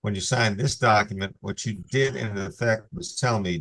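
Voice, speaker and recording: A man presiding as judge over a court hearing on a video call, reading legal warnings in a measured, formal cadence. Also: lowish voice, fairly bright tone.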